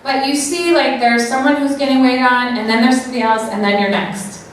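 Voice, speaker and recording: A woman giving a live talk to an audience, animated, acting out little quoted voices and often checking in with the crowd. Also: sits high, fairly quick. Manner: animated, acts out quoted voices, keeps asking "right?". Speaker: speaker at an event. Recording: very echoey room, mic far off, faint noise.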